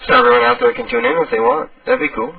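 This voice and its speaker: Blunt, swearing radio host. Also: male voice, very high voice, steady tone, rapid-fire, gravelly. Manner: blunt, swearing, laughs easily. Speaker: prank call radio host. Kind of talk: casual chat. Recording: tinny phone-like, distant.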